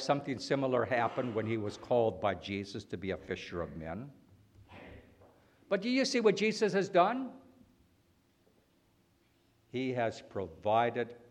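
Male preacher, mid-range voice, lively sermon delivery with rhetorical questions. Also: mid-range voice. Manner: animated, rhetorical questions, dramatic pauses.

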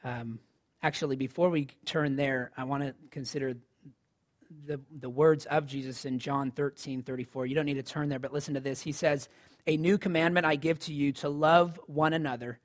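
A man's voice: fairly high pitch, steady tone, normal speed. A man preaching a sermon in a conversational style, rising to emphatic lines. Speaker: pastor.

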